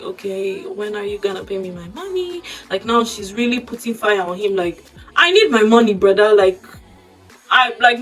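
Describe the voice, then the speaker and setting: A woman casually recapping a drama-filled story, gossipy and animated, acting out the quoted lines, recorded from a bit off the mic with faint music behind. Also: mid-range voice, far from the mic, rough recording. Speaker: storytime host.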